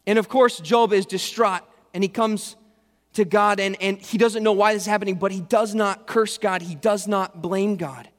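A man preaching a casual, conversational sermon, retelling a story with joking asides in a large hall. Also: sits high. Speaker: pastor. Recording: reverberant hall.

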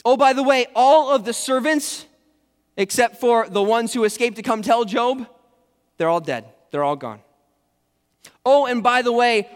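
A man doing a servant rushing in with bad news, talking hurriedly and piling one report on another. His voice sits high for a man, and long reverb rolls through the hall. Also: lightly acted. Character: breathless servant, male, delivering bad news.

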